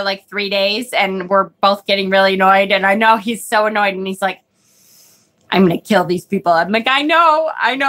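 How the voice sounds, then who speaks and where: A bright, forceful woman's voice at medium pitch belongs to a tarot livestream host. Chatty and scattered, she reads viewer comments, wanders off on tangents, and drops casual swears when something bugs her.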